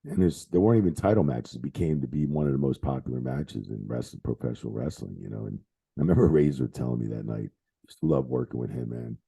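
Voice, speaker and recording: A middle-aged former wrestling referee, a man, telling backstage stories in a casual interview, animated and swearing freely. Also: a bass voice, fast, creaky, breathy edge. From New Jersey area. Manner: animated, swearing, laughing, retelling backstage anecdotes.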